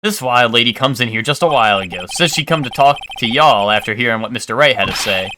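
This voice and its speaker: A man voicing a gruff, folksy male police detective who keeps calling people pal. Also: mid-range voice, lively intonation, fast talker, pushed and bright, a little hiss or hum. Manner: gruff, says pal a lot.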